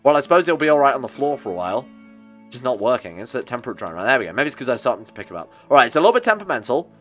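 A man's voice: mid-range voice, lively intonation, racing, fairly bright tone, soft background music. A man giving casual, joking commentary while he plays a video game, often annoyed and swearing. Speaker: gaming streamer.

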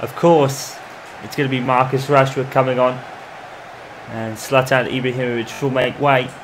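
A man commentating on his own football video game in the manner of a match broadcaster, calling the play and getting loud at goals. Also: mid-range voice, level tone, moderate pace, a little hiss or hum. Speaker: gaming commentator. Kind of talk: mock football match commentary over gameplay.

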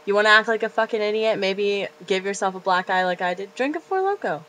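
A young woman in her late teens rants to camera from her bedroom. She talks in a loose, rambling way and swears constantly. Her speech is blunt and her voice sits at an ordinary pitch. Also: flat delivery, fast, a bit bright, a little hiss or hum, rough recording. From Florida. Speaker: vlogger. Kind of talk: confessional casual rant.

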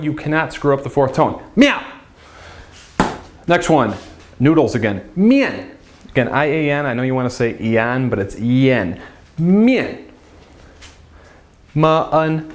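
A man teaching a Chinese lesson at a board, speaking slowly and carefully in a mid-range voice. He keeps his explanations upbeat and direct, then sounds out the drill syllables with big, sweeping jumps in pitch. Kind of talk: whiteboard language lesson.

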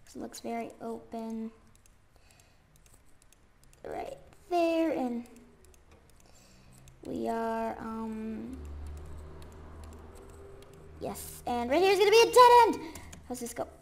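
A young woman with a very high voice that sounds stuffy and congested from a cold. She rambles casually through game commentary, full of fillers and sudden excited squeals, and she talks at an unhurried pace. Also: gravelly, slight background noise. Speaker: gaming YouTuber.

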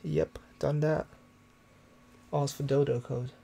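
A young man from the UK chatting casually and quietly with viewers during a game live stream, recorded on a desktop microphone at home. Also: on the high side, little pitch movement, takes it slowly, creaky, husky. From United Kingdom. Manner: talks quietly to keep from waking neighbors at night. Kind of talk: casual live-stream chat while playing. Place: room at home, early morning. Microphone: desktop USB microphone.

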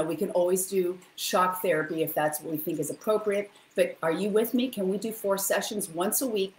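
A woman's voice: on the low side, slight background noise. A woman giving a motivational talk, telling emotional stories and acting out quotes with big jumps in her voice. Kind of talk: motivational storytelling. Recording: echoey room.

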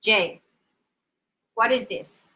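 A woman's voice: mid-range voice, extremely slow, sharp tone. A young woman with a Korean accent teaching a casual live-streamed Korean lesson, drilling pronunciation with lots of repetition.

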